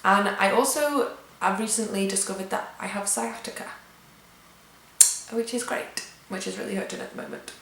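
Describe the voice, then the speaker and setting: A woman's voice: mid-range voice, brisk, echoey room, background noise. A young woman from England with a British accent, reading out tag questions and answering them offhand in a casual vlog chat at home. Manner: chatty, reads questions aloud and answers offhand. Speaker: vlogger.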